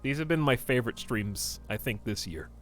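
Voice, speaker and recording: A man's voice: medium pitch, expressive, normal speed, soft background music. A man streaming a game, rambling casually and talking straight to his chat. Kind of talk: casual livestream chat while playing a game.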